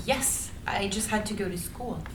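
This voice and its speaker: A woman's voice: medium pitch, moderate pace, far from the mic, close to an everyday voice. A woman playing an irritable, sarcastic young woman facing deportation, in a screenplay reading. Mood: weary. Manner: irritable, sarcastic, yelling at times. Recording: echoey room, light noise.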